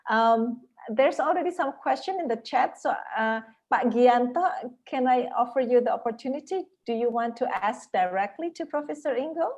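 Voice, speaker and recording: A woman's voice: a little high, expressive, moderate pace, hardly any pauses. Woman moderating an online lecture Q&A. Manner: warm praise, frequent laughter, many fillers. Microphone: video call.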